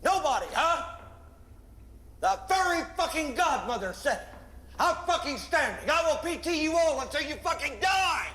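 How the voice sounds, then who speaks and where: A merciless drill instructor, roaring crude insults in a high, bright, piercing bark. His voice rings through an echoey room, like film audio played back aloud. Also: big pitch swings, normal speed, slight background noise, heavily acted. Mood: bellowing, abusive. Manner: barking insults, crude and relentless. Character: brutal profane male drill instructor, merciless.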